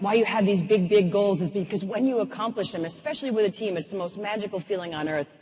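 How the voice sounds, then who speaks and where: Husky woman telling stories on a stage. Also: mid-range voice. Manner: lively, humorous, animated. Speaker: motivational speaker. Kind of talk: keynote storytelling. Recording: husky voice in a reverberant hall.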